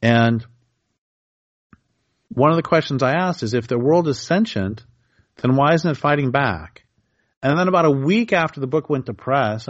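A man's voice: on the high side, no room sound, highs cut off. A man speaking as a guest author in a conversational interview, earnestly building his argument through vivid hypothetical scenarios.

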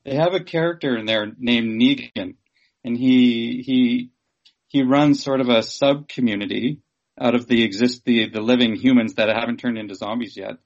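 Gravelly-voiced man, halting speech. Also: mid-range voice, lo-fi sound. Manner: halting, many restarts and fillers. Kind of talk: conversational interview.

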